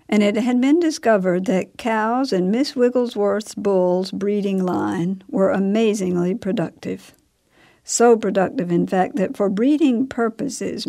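A woman narrating a story in a measured, unhurried way. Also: mid-range voice, dark tone.

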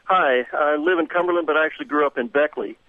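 A man's voice: on the high side, fast talker, dry recording. A man calling in to a radio show, telling a personal story directly. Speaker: caller. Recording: phone line.

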